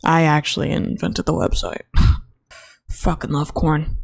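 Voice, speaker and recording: A young woman with a low, mellow voice talks straight into her own mic in a casual solo podcast. She rambles and swears in a flat, bored tone. The sound is dry and close. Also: unhurried, creaky, breathy edge, no room sound. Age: young adult. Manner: rambling, profane, flatly bored. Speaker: college student podcast host. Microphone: own desk microphone.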